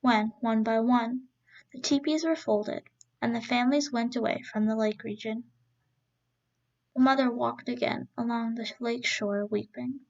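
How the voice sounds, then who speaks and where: A woman reading a traditional story aloud in slow, deliberate phrases. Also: on the high side, steady tone, lo-fi sound.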